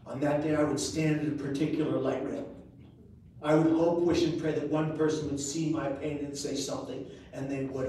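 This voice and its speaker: A man giving a live motivational speech to a crowd, telling a personal story with earnest pauses and quick jokes, his voice rising high and loud at dramatic moments. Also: a little hiss or hum. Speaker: public speaker. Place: large event room. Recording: echoey live room recorded from far off.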